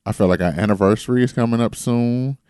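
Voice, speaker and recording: A young adult man co-hosting a podcast in casual chat, relaxed and rambling, laughing often. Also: medium pitch, fast talker, smooth, no room sound, studio quality. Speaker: podcast co-host.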